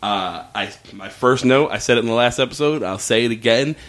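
A man's voice: medium pitch, fairly quick. A man co-hosting a podcast, chatting casually and profanely as he recaps a TV episode. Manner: animated, profane, acts out characters. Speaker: podcast co-host.

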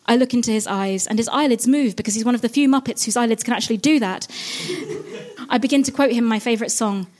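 A woman with a high voice performs a comic story for a live audience. She is theatrical and slips in and out of character voices as the tale goes on. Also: quick pace, a little mellow.

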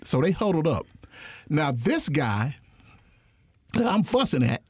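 Man, casual storyteller, very lively pitch, dry close sound, acts out quotes. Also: a little slow, slightly rough, no echo. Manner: animated, acts out quoted voices with big pitch jumps; laughs often while telling. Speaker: guest storyteller.

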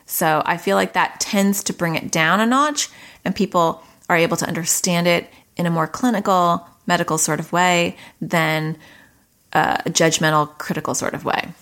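A woman's voice: on the low side, steady tone, moderate pace, fairly bright tone. A middle-aged woman therapist giving conversational advice to parents, explaining behavior through analogies and acting out quoted dialogue. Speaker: child anxiety therapist.

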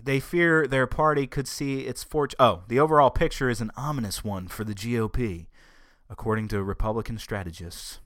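A man's voice: lowish voice, fairly even intonation, brisk, a bit bright, no room sound, studio quality. A man hosting a podcast, giving casual political commentary in a sarcastic tone and often stumbling over his words. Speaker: podcast host.

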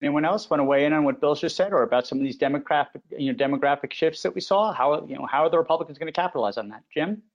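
A moderator guides a political panel, asking the guests questions and handing the floor to them. The voice is mid-pitched, and the sound is slightly dull and muffled. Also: rapid-fire, few pauses. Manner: prompting questions.

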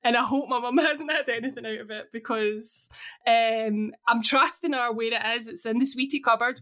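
A woman, co-hosting a casual podcast chat, chatty and quick to laugh. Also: fairly high pitch, steady tone, a bit bright. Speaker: podcast co-host.

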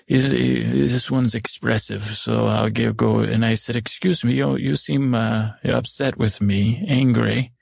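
Man playing an older stepmother, once cruel, rambling, halting, self-correcting, gravelly, husky, middle pitch. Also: a little mellow, no echo, clean studio sound. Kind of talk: improvised first-person storytelling.

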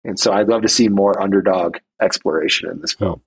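A man's voice: sits low, steady tone, a little fast, gravelly, husky, poor audio. A man co-hosting a podcast, talking through a film in an emphatic, casual way with many "like" fillers. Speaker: podcast co-host.

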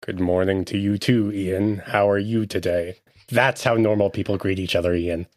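A man voicing a sardonic, foul-mouthed librarian who makes deadpan threats in a role-play podcast. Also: sits low, moderate pace, lightly acted. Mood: sarcastic.

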